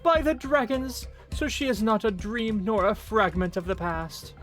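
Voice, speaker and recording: A streamer voicing an excitable, doting undead friend who talks theatrically, with faint music behind. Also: mid-range voice, measured pace, lightly acted. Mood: gushing. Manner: gushing, theatrical.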